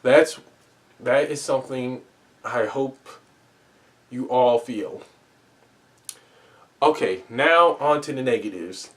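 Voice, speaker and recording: A man talking through a movie review in an unhurried, deliberate way, with a middle-range pitch. He speaks earnestly and casually, stopping to repeat himself and restart phrases as he goes. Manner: earnest, repeats and restarts words, pleading asides.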